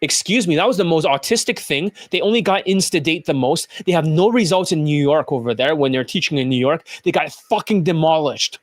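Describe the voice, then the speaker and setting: A male dating coach rants bluntly and combatively, swearing freely as he picks apart clips. His voice sits on the higher side for a man. The sound is close and dry, with no room around it. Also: a little fast, few pauses, no echo. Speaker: dating coach and channel host. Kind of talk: ranting commentary over clips.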